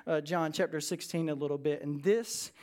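A man's voice: a little high, fairly even intonation, moderate pace, darkish tone. A man preaching a conversational sermon to a church congregation, telling stories with plenty of fillers. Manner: casual, storytelling, many fillers. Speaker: pastor. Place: church service with a live congregation.

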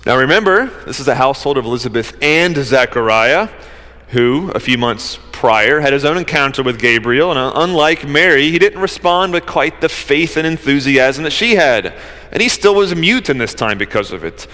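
A man's voice: mid-range voice, animated, normal speed, sharp tone. A man preaching a sermon, earnest and conversational, at times rising to fervent emphasis. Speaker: pastor. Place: church service. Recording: long reverb of a large hall.

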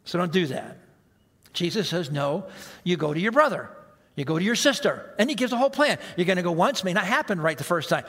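A man's voice: high-pitched, animated, brisk, fairly bright tone, breathy edge, long reverb tail. A male pastor preaching a sermon in a conversational way, asking the congregation rhetorical questions.

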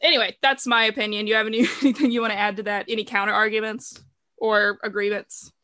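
Young southern woman chatting on a podcast, bright voice, dry close mic, jokey and quick. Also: medium pitch, little pitch movement, no echo. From American South. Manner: chatty, laughing, self-deprecating. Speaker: podcast co-host. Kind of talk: casual chat.

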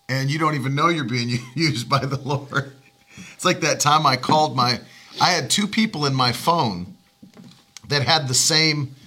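Bright-voiced male pastor telling a story. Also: medium pitch. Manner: animated storyteller, laughs while talking. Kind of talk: telling a personal story in casual chat.

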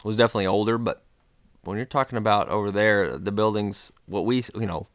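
Rambling, low-voiced American man telling stories. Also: a little fast, dry recording, studio quality. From United States. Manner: rambling, full of fillers and restarts. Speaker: podcast co-host telling a travel story. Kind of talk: casual conversational storytelling.

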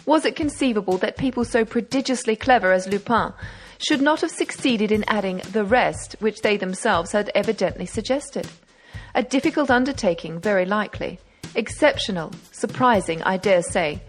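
A woman's voice: medium pitch, natural voice. A woman reading aloud as a brash young male amateur detective, speaking with eager, triumphant reasoning.

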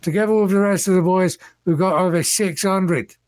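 A man's voice: sits high, normal speed, a little mellow, no room sound, pitched above the performer's own voice, natural voice. A man voicing a brash, bragging male dockside loafer. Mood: boastful.

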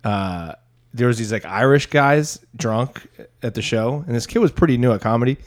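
A man's voice: medium pitch, lively intonation. A man co-hosting a comedy podcast, telling a story in casual chat and laughing often. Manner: laughs often, chatty, quick asides.

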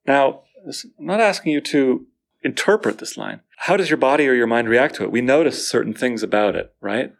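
A man teaching a poetry class, enthusiastic, asking students questions and reading verse aloud slowly. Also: mid-range voice, expressive, gravelly. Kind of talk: classroom lecture.

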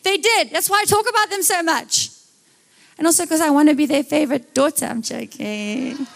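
High-voiced South African woman preaching. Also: creaky. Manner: animated storytelling, acts out voices, jokey asides. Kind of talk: live sermon.

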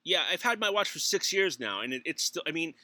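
A middle-aged man telling stories in casual chat as a podcast co-host, animated, laughing often and swearing. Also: a little high, fast talker.

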